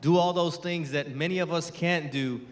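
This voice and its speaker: A man's voice: on the high side, fairly even intonation, normal speed. Emcee man announcing in an echoing ballroom. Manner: emphatic, rousing the audience. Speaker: master of ceremonies. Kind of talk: award show announcing. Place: large casino ballroom. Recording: echoey ballroom PA.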